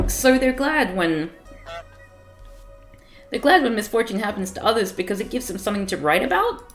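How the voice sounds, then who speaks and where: A woman streamer reading a visual novel aloud and chatting with wry, animated commentary. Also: mid-range voice, moderate pace, soft background music.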